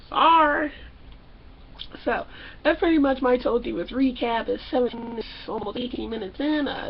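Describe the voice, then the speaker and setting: A young woman vlogger recapping a reality show in a loud, sassy, animated way, acting out the people she talks about. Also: high-pitched, creaky, muffled recording, a little hiss or hum. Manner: loud, sassy, acts out characters. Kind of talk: animated casual recap with acted-out quotes.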